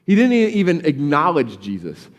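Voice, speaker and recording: A man's voice: on the high side, huge pitch swings, normal speed. Preaching man in a reverberant hall. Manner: conversational, repeats words when starting sentences. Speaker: pastor. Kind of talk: sermon. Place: church sanctuary.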